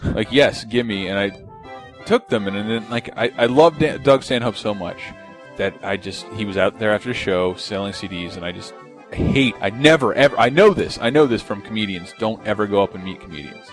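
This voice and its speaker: A man's voice: fairly low pitch, moderate pace, soft background music. A man co-hosting a podcast, telling a rambling story in casual chat. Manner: rambling, animated, acts out drunk voices. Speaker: podcast co-host.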